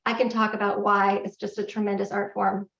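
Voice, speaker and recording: A middle-aged woman giving a public lecture in a candid, self-deprecating, animated way. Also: medium pitch, a little fast, creaky. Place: lecture hall. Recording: echoey hall, distant, dull lo-fi.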